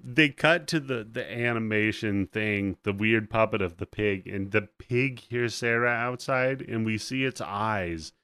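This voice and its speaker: A man's voice: on the low side, a little slow, few pauses, pushed and bright, clear, resonant tone, no echo. A man hosting a podcast, casually recapping a movie scene by scene with lots of swearing and laughter. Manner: profane, laughing, play-by-play retelling. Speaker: podcast host.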